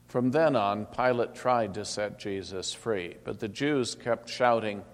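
Man reading scripture in a reverberant hall. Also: lowish voice. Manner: measured, declamatory. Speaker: scripture reader.

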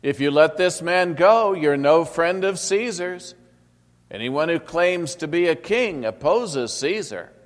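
Angry mob shouting, read by a man, long reverb in a large hall. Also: mid-range voice, a little slow, few pauses, close to an everyday voice. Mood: furious shouting. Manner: shouting, demanding. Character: crowd of priests and people, enraged.

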